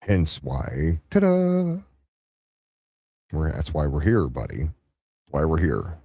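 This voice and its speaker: A man hosting a livestream reaction, talking sarcastically and taunting, sometimes jumping up into high-pitched mockery. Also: unhurried, gravelly, mellow, breathy edge, no room sound. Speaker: livestream commentary host. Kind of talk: mocking reaction commentary.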